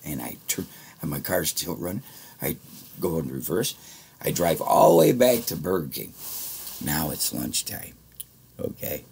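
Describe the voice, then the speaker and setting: A man's voice: extremely low pitch, very animated, a little slow, creaky, long pauses, darkish tone, breathy edge. A man telling a rambling, heated story in casual speech, swearing freely. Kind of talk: casual spoken anecdote.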